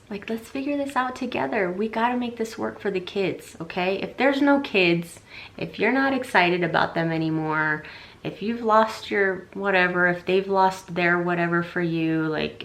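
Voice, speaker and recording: Young woman rambling through relationship advice, kinda low gravelly voice, lots of ums. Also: a bit bright. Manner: chatty, rambling, many fillers and restarts. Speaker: relationship vlogger. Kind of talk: casual advice vlog.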